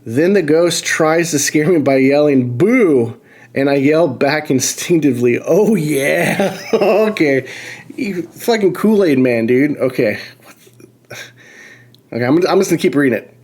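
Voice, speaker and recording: A man's voice: medium pitch, darkish tone. Man swearing and riffing as he reads aloud. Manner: incredulous, swears often, breaks off to comment and laugh. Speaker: podcast host. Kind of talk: casual chat, reading a story aloud.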